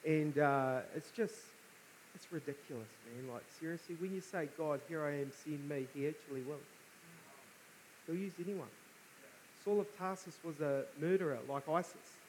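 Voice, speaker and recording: A man's voice: a little high, normal speed, a little hiss or hum, rough recording. A man with a New Zealand accent preaching a sermon as a guest speaker, casual and chatty, bantering with the congregation. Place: church service, live before a congregation.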